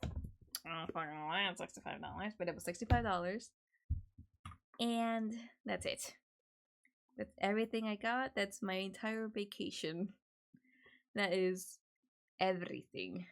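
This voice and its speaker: A woman's voice: mid-range voice, a little slow, vocal fry, pauses often. A young woman streamer chatting casually at home, swearing a lot and laughing often. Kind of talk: casual chat.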